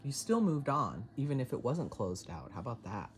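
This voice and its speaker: A woman giving a casual tarot reading to camera, chatty and excitable, laughing often and swearing casually. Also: a bass voice, moderate pace, faint music behind. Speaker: tarot reader.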